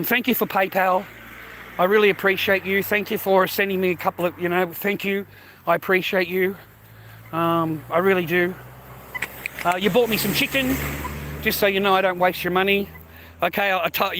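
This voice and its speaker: Australian male streamer, slightly high voice, blunt foul-mouthed rant. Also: pushed and bright, slight background noise. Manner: blunt, heavy swearing, grumbling. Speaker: livestreamer. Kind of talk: profane casual rant.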